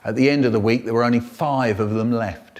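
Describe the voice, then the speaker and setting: A man's voice: medium pitch, fairly even intonation, brisk, a little mellow. A man telling comic stories in a playful, exaggerated way. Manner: exaggerated, playful, does funny voices. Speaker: storyteller. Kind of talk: animated comic storytelling, remixed clips.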